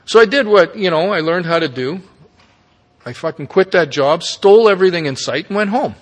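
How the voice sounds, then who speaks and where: Middle-aged man, pitched a bit high, frank and salty recovery talk, recorded in an echoing hall. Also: animated, fairly quick. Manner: candid, profane, folksy with tag questions. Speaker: speaker at a recovery meeting. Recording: long reverb of a meeting hall.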